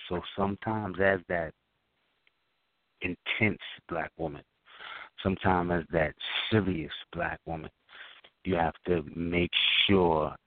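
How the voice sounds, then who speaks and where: Brief: very low male voice, middle-aged co-host, loose and profane, dry tinny line. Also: dry recording. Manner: loose, profane, talks in slang with many fillers. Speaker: podcast co-host. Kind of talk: casual chat. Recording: dry, phone-like lo-fi sound.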